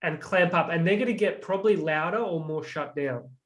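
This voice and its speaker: A man's voice: on the high side, a little fast, a little hiss or hum. A man telling personal stories about emotional pain in a reflective, casual way, with many "like" fillers. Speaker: guest. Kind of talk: casual conversation.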